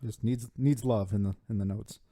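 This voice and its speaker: A man's voice: lowish voice, steady tone, normal speed, mellow. A man co-hosting a casual podcast, making jokey, playful asides about a movie and the beer. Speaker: podcast co-host.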